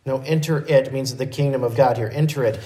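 A man's voice: medium pitch, steady tone, fairly quick, warm tone. A man preaching a sermon, explaining a passage in a teaching way and often correcting himself mid-sentence. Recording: echoey room.

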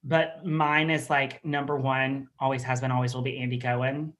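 A man's voice: medium pitch, flat delivery, normal speed, a bit bright. A man with a Southern US accent hosting a casual interview, chatty and sassy. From Southern United States. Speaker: host.

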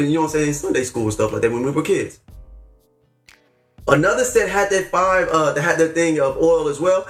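Fervent high-voiced man preaching. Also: a bit bright, echoey room. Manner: fervent, preachy, slangy, rising to exclamations. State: upset, near tears. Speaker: podcast host. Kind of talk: impassioned faith talk.

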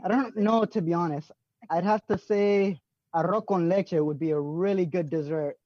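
Joky loud woman cohost, muffled dry mic. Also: fairly low pitch, moderate pace, dry recording. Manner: loud, joking, exaggerated. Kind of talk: casual chat.

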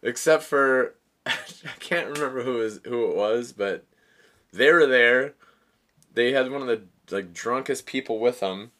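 A man with a bright, forceful voice hosting a casual podcast chat. He tells his story in an animated way, swearing freely and laughing through it. He keeps a loose, conversational delivery. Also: medium pitch, measured pace. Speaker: podcast host.

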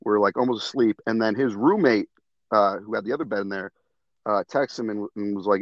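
A man's voice: lowish voice, quick pace, no room sound. Young man telling a story, lo-fi. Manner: animated, laughing storyteller. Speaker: podcast guest. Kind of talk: casual podcast chat.

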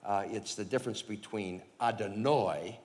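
A man preaching and telling his own conversion story, animated and chuckling, with lots of fillers. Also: on the low side, moderate pace, long reverb tail. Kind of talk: personal testimony storytelling.

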